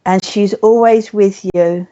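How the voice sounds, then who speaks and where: A woman working as a spiritualist medium, gently passing on messages in a live online reading, speaking softly and slowly. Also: medium pitch, fairly even intonation, highs cut off.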